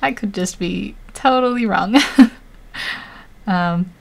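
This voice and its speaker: Speaking slowly in a mid-range voice with vocal fry, this American artist chats casually on a livestream while she draws. She's giggly, laughs a lot, and pokes fun at herself.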